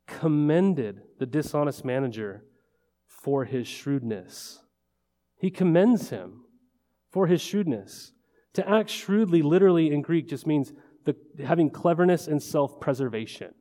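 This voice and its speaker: A man's voice: on the high side, warm tone. Chatty male pastor, reverberant hall. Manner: conversational, full of rhetorical questions and "right?". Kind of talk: sermon. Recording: long reverb of a large hall.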